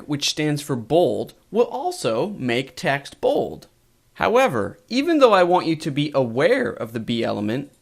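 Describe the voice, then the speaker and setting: A man narrating a coding tutorial in a clear, methodical way. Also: a little high. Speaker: coding instructor. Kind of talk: screen-recorded tutorial narration.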